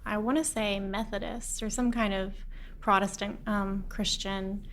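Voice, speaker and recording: A woman's voice: medium pitch, steady tone, a little slow, fairly bright tone, a little hiss or hum. A woman from Alabama as a podcast guest, talking in a dry, wry, self-deprecating way. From Huntsville, Alabama, USA. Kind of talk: casual interview chat.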